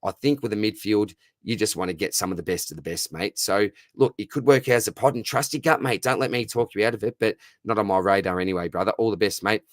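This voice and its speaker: A man's voice: on the low side, fast talker, few pauses, dry recording, studio quality. Matey Australian man hosting a stream. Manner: matey, upbeat, reads viewer questions aloud. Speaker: fantasy football livestream host. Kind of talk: casual live Q&A chat.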